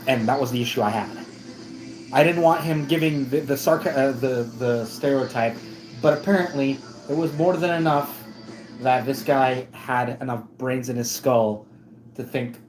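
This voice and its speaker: A man's voice: medium pitch, darkish tone, poor audio. A man from the United States telling a story in a casual vlog, rambling and often correcting himself. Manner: rambling, self-correcting, with many restarts. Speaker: vlogger.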